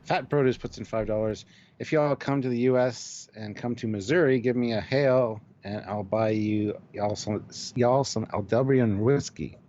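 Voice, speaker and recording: A man's voice: medium pitch, moderate pace, mellow, slight background noise. Lo-fi man reading donations on a stream. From Canada. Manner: reads viewer comments aloud, laughs often. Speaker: co-host of a live stream. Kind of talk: casual live-stream chat reading donations.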